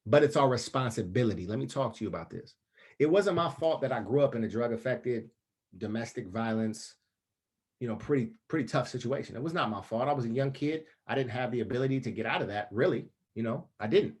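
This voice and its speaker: A man in his thirties giving a motivational talk as a storyteller, casual and slangy, acting out the other people's voices. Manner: animated storyteller, acts out voices with big pitch jumps. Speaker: motivational speaker.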